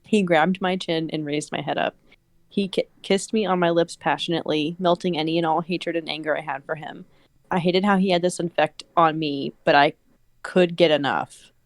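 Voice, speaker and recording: A woman's voice: low voice, fairly even intonation, moderate pace, no echo. A young woman co-hosting a show, casually reading a story aloud in a plain voice and breaking off to laugh.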